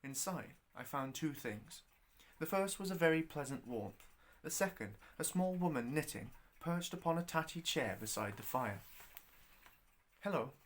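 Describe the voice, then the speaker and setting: A man narrates his own story aloud in a wry, expressive reading voice, pitched a little above most men. His voice rises and falls widely, lingering on descriptions and questions. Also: moderate pace, hardly any pauses.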